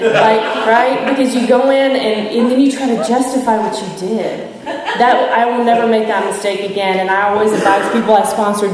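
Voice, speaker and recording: Woman sharing her story in an echoing hall. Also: a little high. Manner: candid and self-mocking, acting out the people she quotes. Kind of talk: recovery testimony to a live audience. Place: large convention hall with an audience. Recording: echoey hall from far off.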